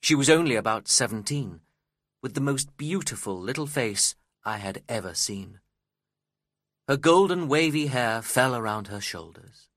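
A man reading a story aloud as its narrator, in a slow, measured and expressive way. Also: mid-range voice, dry recording, studio quality.

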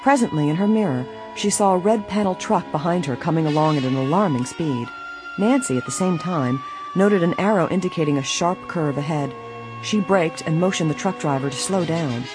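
An audiobook narrator reading a mystery novel at a steady, even pace. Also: mid-range voice, a little fast, over music.

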